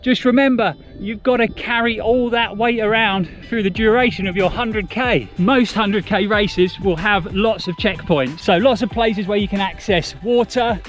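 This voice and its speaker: A man's voice: high voice, moderate pace, hardly any pauses, fairly bright tone. A man giving casual, encouraging running advice to camera as a vlogger. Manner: chatty and encouraging. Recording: music playing behind.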